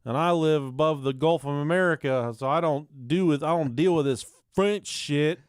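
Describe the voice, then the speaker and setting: A man, a young father, co-hosting a podcast, telling crude stories in a casual chat and jumping up high for quoted voices. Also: normal speed, clean tone, no echo, studio quality. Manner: animated storyteller, shrieks high in acted quotes. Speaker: podcast co-host.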